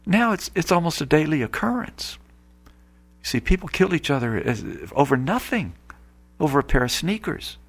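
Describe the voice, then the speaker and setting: A man's voice: a little high, very animated, normal speed, husky. A man preaching an earnest Catholic radio sermon, rising now and then to emphatic outbursts.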